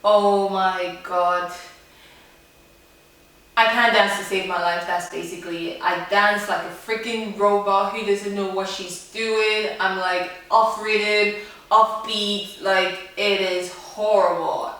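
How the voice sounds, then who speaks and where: A young woman from Nigeria chatting to camera in a vlog, talkative and quick to laugh, her voice softening as she trails off. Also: mid-range voice, fairly even intonation. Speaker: vlogger. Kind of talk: casual chat to camera. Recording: echoey room, far from mic.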